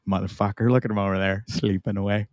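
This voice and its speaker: A man's voice: on the low side, darkish tone, no echo. A middle-aged man from Canada hosting a live online talk show, rambling and enthusiastic in casual chat. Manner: rambling, enthusiastic, frequent laughs and asides.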